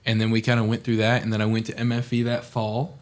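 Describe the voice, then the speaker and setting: A young man from Oklahoma, guesting on a podcast, talks fast in a lowish voice. He's an animated storyteller in casual chat, acting out the people he quotes.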